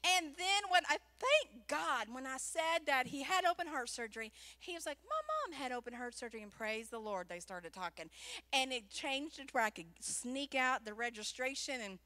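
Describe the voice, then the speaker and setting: A woman speaking at a church, a pastor's wife telling an animated personal story within a sermon. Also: sits high, moderate pace.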